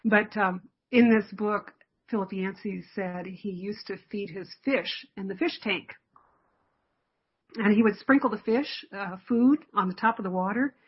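Woman preaching a sermon, kinda husky, earnest and thoughtful, dull lo-fi sound. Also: mid-range voice. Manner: earnest, reflective, with soft laughs and pauses.

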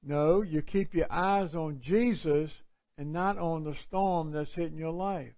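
A man teaching a live Bible study in a folksy, conversational preaching manner, with sudden loud cries. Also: fairly high pitch, a little slow. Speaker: pastor. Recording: dull, lo-fi livestream audio.

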